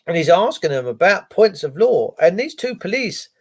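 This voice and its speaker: A man with a slightly raised pitch and a gravelly edge ranting on a livestream. His delivery is blunt and sarcastic, with plenty of swearing. He addresses his viewers directly. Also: very animated, normal speed. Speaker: livestream host.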